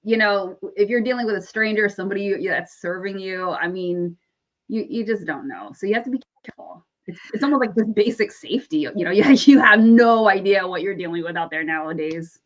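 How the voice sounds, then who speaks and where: A woman's voice: medium pitch, fairly quick. A woman co-hosting a casual podcast, frank and sarcastic, often laughing as she talks. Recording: dull lo-fi audio.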